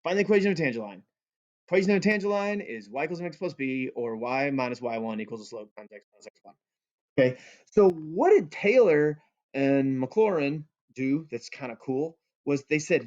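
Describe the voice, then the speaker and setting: A man teaches calculus in a playful, joking manner, breaking up the steps with asides. His voice sits a little on the high side. The recording sounds dull and lo-fi. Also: animated, a little fast, a little mellow. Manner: playful and goofy, jokes with students. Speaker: math teacher. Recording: dull lo-fi audio.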